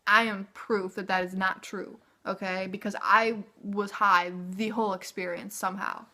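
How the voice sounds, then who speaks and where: Young woman vlogger, bright tone, casual filler-heavy storytelling. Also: mid-range voice, normal speed. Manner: chatty, filler-heavy "like", animated retelling.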